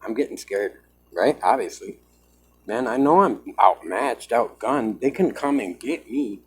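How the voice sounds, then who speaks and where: A man's voice: mid-range voice, expressive, measured pace, husky, rough recording. A man talking to his own camera in an agitated, emphatic vlog monologue, often saying "man". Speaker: vlogger. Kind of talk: self-recorded vlog monologue.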